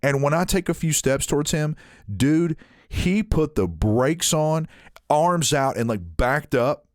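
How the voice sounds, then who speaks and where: A man on a podcast telling a story in casual chat, animated and acting out the people in it. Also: on the high side, a little slow, no echo, studio quality. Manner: animated, acts out quoted people in shifting voices. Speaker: podcast co-host.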